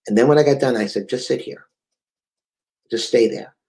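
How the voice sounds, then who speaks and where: A man's voice: medium pitch, fairly quick, gravelly, pauses often, mellow, low-quality recording. A man with a New England accent preaching a fervent sermon, often stammering and repeating words.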